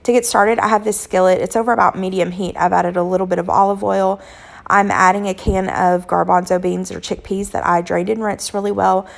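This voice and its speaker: A woman in her thirties or forties, a cooking channel host, hoarse from illness, chatting casually with lots of ums as she walks through weeknight dinners. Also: medium pitch, little pitch movement, a little fast. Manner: chatty, homey, frequent "um" fillers. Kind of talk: casual cooking vlog narration.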